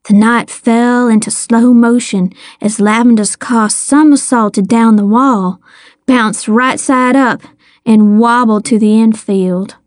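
A woman's voice: a little high, no echo, studio quality. A woman narrating a first-person story in a vivid audiobook reading.

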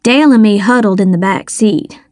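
A woman's voice: medium pitch, brisk, darkish tone, dry recording, clean studio sound. A woman narrating a first-person audiobook in a folksy, wry storytelling manner.

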